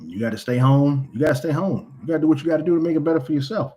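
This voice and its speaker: A man's voice: fairly high pitch, very fast, mellow, husky, poor audio. A man from California giving a blunt, profane monologue to camera, repeating himself for emphasis. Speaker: vlogger. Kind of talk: casual ranting monologue.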